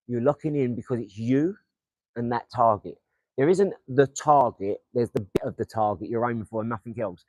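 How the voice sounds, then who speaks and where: Chatting to his viewers on a casual, motivational livestream, a young man from England rambles and swears while throwing darts. He speaks in Essex English with a medium-pitched, darkish voice, captured in a low-quality recording without echo.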